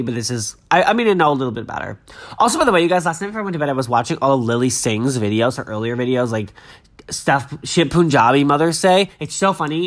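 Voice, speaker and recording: A man's voice: medium pitch, a bit bright. A young man hosting a podcast, chatting casually and reading news aloud in a gushing, dramatic way, a little stuffy-nosed. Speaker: podcast host.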